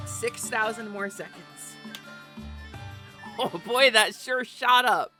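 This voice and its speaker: A woman streaming live and chatting casually with her viewers, excitable and talkative, swearing freely and breaking into sudden squeaky outbursts. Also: measured pace, music in the background. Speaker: VTuber streamer. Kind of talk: casual livestream chat.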